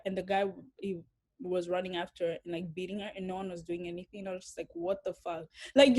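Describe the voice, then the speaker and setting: A woman's voice: lowish voice, darkish tone. Blunt outspoken young woman. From Africa. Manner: blunt and outspoken, swears freely. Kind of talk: casual interview answer.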